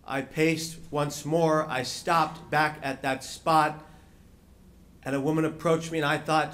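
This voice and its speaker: Man, panel speaker, measured dramatic storyteller, voice on the higher side. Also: flat delivery, a bit bright. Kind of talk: personal story told to an audience. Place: conference room.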